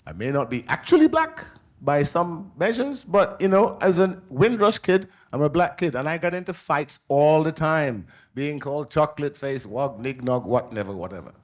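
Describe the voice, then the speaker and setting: An older man who grew up in England tells stories on a book festival panel. His voice sits fairly high for a man, and he acts out the people he quotes with lively shifts. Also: normal speed. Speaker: author panelist. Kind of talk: anecdotal storytelling. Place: library event hall.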